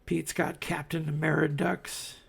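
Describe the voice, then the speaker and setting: A man's voice: on the high side, little pitch movement, measured pace, vocal fry, breathy edge. A man casually reviewing comics as he pages through them, rambling with wry asides and many fillers. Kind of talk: casual commentary while paging through comics.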